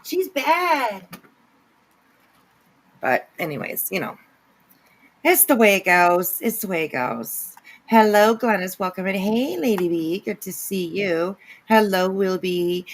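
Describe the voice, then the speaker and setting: A woman's voice: medium pitch, lively intonation, a little slow, rough recording. A woman hosting a casual livestream, greeting chatters by name with giggly asides. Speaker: livestream host. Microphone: no camera, voice only.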